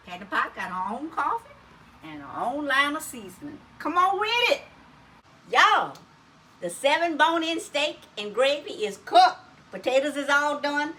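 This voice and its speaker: A woman's voice: sits high, bright, forceful tone, a little hiss or hum, rough recording. A woman with a Louisiana Cajun accent hosting a casual home cooking vlog, chatty and folksy, always telling viewers to look. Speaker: cooking channel host. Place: home kitchen.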